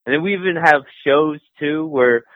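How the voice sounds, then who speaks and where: A man's voice: on the high side, normal speed, no room sound. A man who works as a graffiti artist and painter, chatting casually in an interview, laid-back and profane, laughing often. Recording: dry, tinny phone-like sound.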